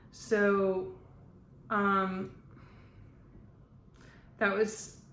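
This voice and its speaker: Slow, rambling woman medium in her fifties. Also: mid-range voice. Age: 50s. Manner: rambling, laughs often, slow and halting with many fillers. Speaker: spiritual medium. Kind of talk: casual channeling monologue. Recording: echoey room with faint background noise.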